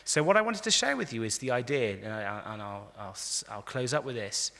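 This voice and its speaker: Gravelly-voiced rabbi lecturing in an echoey hall. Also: male voice, mid-range voice, a little fast. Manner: animated storyteller, frequent restarts, acts out quotes. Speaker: rabbi giving a talk. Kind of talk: lively lecture to a live audience. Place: large convention hall.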